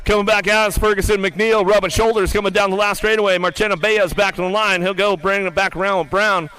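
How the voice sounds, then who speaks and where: A man calling live BMX races play-by-play, rattling off riders' names and positions, then dropping lower and quieter to read results and lineups. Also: steady tone, fast, low-quality recording. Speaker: race announcer. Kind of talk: live BMX race commentary.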